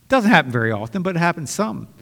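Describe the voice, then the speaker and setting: A man's voice: fairly high pitch, big pitch swings, rapid-fire, fairly bright tone, big-room sound. A man preaching a sermon as pastor, earnest and conversational, often restarting his sentences.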